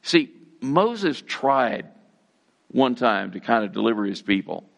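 A man's voice: medium pitch, big pitch swings, slow pace, gravelly. A man preaching a sermon in a conversational, folksy way. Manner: conversational, with fillers and folksy phrases. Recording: slightly dull, muffled sound.

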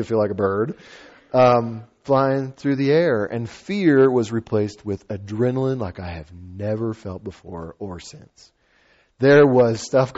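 A man telling a funny personal story to an audience, acting out the people in it and laughing often. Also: mid-range voice. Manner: animated, laughing, acting out quotes. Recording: dull lo-fi recording.

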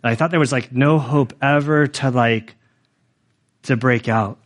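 A man's voice: mid-range voice, a little slow. Earnest rambling male preacher. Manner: rambling, heavy on fillers, earnest. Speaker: pastor. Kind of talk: sermon testimony.

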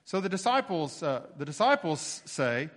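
A man's voice: a little high, moderate pace. A male preacher giving an expository sermon, explaining steadily and rising for emphasis now and then. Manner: explanatory, steady teaching tone with occasional emphatic rises. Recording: long hall reverb.

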